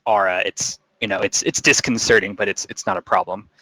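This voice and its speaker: A man's voice: lowish voice, steady tone, a little fast, bright, forceful tone, no room sound, poor audio. A man narrating as game master of a tabletop game, casual and full of restarts.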